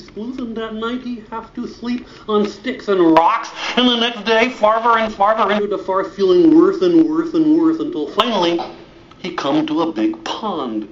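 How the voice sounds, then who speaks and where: A man telling a comic fairy tale in deliberately broken English, full of sound effects. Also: high voice, a little hiss or hum. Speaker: comic storyteller. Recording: roomy, dull live recording.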